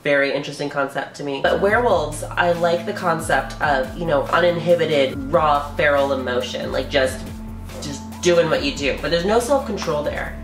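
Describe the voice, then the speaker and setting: A woman with a low-pitched voice talks at normal speed over music, the room sounding echoey. She's a vlogger in her living room answering viewer questions in a casual, candid Q&A chat, laughing and swearing often.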